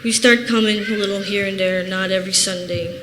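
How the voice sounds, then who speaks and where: In a reverberant church hall with faint background noise, a woman from Chicago, USA, in her thirties, offers an earnest, plain-spoken testimony. Her medium pitch stays fairly even, and she talks a little fast.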